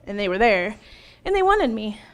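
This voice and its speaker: A woman in her thirties giving an earnest, animated personal testimony as an interview guest, laughing now and then between lines. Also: mid-range voice, moderate pace.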